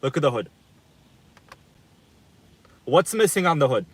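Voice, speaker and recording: Man, slightly high voice, chatty livestream host, dry close sound, phone in a car. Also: big pitch swings, a little slow, no echo. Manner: chatty, greets viewers, swears casually. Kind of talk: casual livestream chat. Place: inside a parked car at night.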